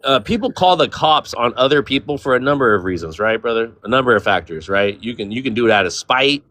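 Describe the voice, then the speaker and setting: A man's voice: medium pitch, lively intonation, fast talker, pushed and bright. A man with a surfer-style English accent, Spanish his first language, hosting a casual online panel debate with lots of fillers and restarts. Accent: Californian surfer-style English. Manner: loose, talkative, full of fillers and restarts. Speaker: panel host.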